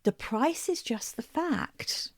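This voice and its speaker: A woman's voice: sits high, animated, takes it slowly, no room sound, studio quality. A woman hosting her own coaching podcast, talking directly and emphatically to listeners, repeating phrases to drive each point home. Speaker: business coach and podcast host. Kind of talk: solo podcast monologue.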